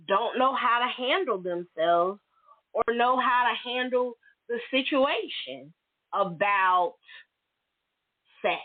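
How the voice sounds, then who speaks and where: A woman hosting a solo podcast, venting bluntly and emphatically in casual, profane talk. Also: mid-range voice. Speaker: podcast host. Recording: tinny phone-like audio.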